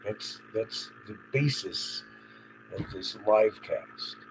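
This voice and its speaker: A man's voice: on the low side, animated, very slow, slight background noise, rough recording. A man live-streaming an unscripted monologue, agitated, swearing and rambling. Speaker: livestreamer.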